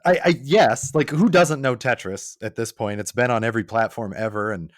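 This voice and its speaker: Animated man telling stories casually. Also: mid-range voice, normal speed, no room sound, studio quality. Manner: animated storyteller who acts out quotes. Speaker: guest. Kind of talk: casual podcast chat.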